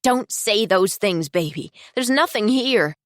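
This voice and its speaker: A woman narrator voicing a fierce, protective middle-aged mother who is sharp and angry with outsiders and soothing to her daughter. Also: medium pitch, lively intonation, a little slow, no room sound, studio quality, pitched above the performer's own voice, close to an everyday voice.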